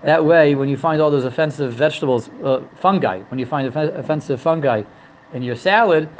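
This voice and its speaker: A man's voice: a little high, a little fast, dull audio, slight background noise. A man teaching a religious text, humorous and digressive, often repeating and restarting his phrases. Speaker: Torah teacher. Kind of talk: religious lesson.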